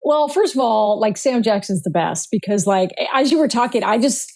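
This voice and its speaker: Upbeat, playful woman with high voice. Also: animated, moderate pace, a little mellow. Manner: playful, upbeat, coins jokey words. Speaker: guest, communication speaker. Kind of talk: lively casual interview chat.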